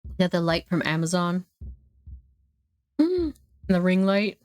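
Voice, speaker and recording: A woman's voice: lowish voice, big pitch swings, measured pace, pauses often, darkish tone, clear, resonant tone. A woman streaming a horror game, chatting casually and snacking between her remarks. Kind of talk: casual let's-play commentary.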